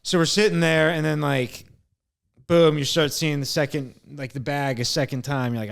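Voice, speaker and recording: A man's voice: fairly high pitch, moderate pace, creaky. A young man co-hosting a casual podcast, telling a long story with lots of swearing and acted-out dialogue. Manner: animated storyteller, swears freely, acts out exchanges. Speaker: podcast co-host.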